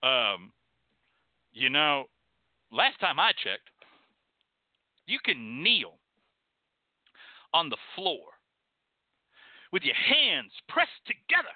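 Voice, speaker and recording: A man's voice: a little high, wildly swooping pitch, very slow, pauses often, no room sound. A man hosting a show, delivering an emphatic, profane monologue lecture that repeats phrases for stress. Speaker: host. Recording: tinny phone-like dry sound.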